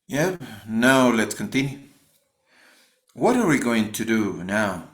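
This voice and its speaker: A man's voice: lowish voice, big pitch swings, slow. A man with a Spanish accent teaching a phonetics class, explaining an assignment and often rephrasing as he goes. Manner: repeats and rephrases himself while explaining.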